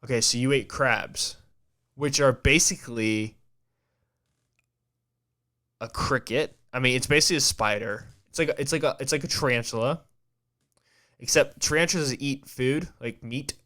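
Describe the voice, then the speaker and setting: A man's voice: mid-range voice, moderate pace, long pauses, sharp tone. A man hosting a podcast, talking in a casual, rambling way with a heavy stutter and frequent restarts. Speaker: podcast host.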